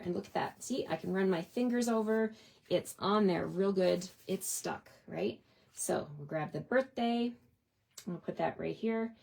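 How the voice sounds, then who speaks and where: A woman's voice: on the low side, vocal fry, a little mellow. A woman hosting a hands-on craft tutorial, chatting cheerfully to her viewers as she works. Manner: chatty, upbeat, talks to viewers while working. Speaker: papercraft demonstrator.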